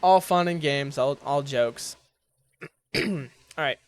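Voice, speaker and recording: A man's voice: a little high, takes it slowly, clean tone. A man reacting to news clips in an angry, profane rant. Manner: angry, swearing, blunt. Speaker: reaction streamer. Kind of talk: profane ranting reaction commentary.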